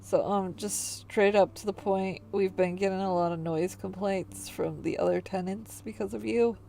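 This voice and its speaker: A woman's voice: medium pitch, steady tone, moderate pace, vocal fry, warm tone, faint music behind, natural voice. A woman voicing a nervous young adult apartment caretaker who stammers and rambles.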